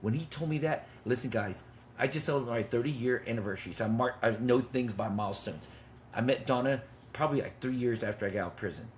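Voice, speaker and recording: A man's voice: mid-range voice, fast talker, slight background noise. A man in his fifties telling a personal story with intensity and blunt, swearing talk, as a men's ministry leader. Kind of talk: testimony in conversation.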